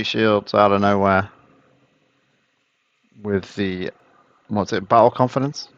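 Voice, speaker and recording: An English man commentating a card game match in a relaxed, reactive way. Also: on the low side, slow, long pauses, dry recording. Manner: relaxed, reactive, laughs often. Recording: dry, dull lo-fi stream audio.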